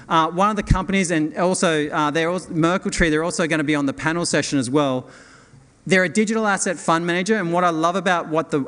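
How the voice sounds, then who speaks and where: A man in middle age introduces companies from a conference stage, keen and a little rambling, often restarting his sentences. His voice sits a bit high and sounds smooth and clear. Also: fairly bright tone. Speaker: event host. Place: hotel conference hall.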